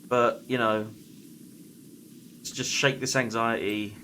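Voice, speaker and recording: A man's voice: mid-range voice, level tone, slow pace, bright, forceful tone, a little hiss or hum. A man voicing a frightened young wife alone at night, talking to herself in hesitant, anxious bursts, in a storytelling retelling. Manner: hesitant, anxious self-talk.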